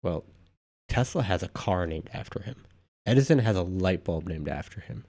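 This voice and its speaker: Low gravelly man chatting offhand. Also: animated, normal speed, darkish tone. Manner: rambling, offhand, with frequent asides. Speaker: livestream host. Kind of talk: casual live-stream chat reading viewer comments.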